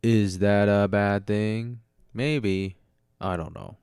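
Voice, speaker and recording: A man's voice: lowish voice, fairly even intonation, takes it slowly, darkish tone, clear, resonant tone, no room sound, studio quality. A sleepy man hosting his own podcast, rambling casually about writing a script, yawning and laughing at his own jokes. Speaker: podcast host. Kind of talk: casual solo podcast talk. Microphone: studio mic with audio interface.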